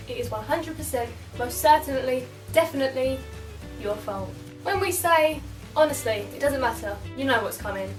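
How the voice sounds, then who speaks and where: A young British woman giving a dry, sarcastic comic explainer in a quick vlog manner. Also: sits high, recorded from a distance. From United Kingdom. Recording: roomy sound from away from the mic.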